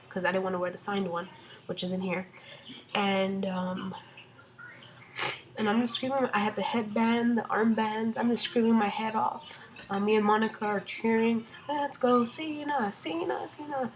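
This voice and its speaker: Excited young woman rambling through a storytime. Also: mid-range voice, slight background noise, rough recording. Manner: excited, rambling with many fillers. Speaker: vlogger. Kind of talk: casual storytime vlog.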